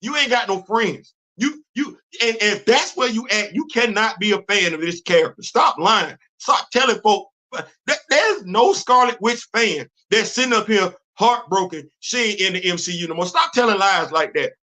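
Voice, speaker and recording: Guy with a high bright voice going off on a rant, slangy and fired up. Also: expressive, normal speed, few pauses. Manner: emphatic, exasperated, loose slangy talk. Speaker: podcast host. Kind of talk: casual commentary rant.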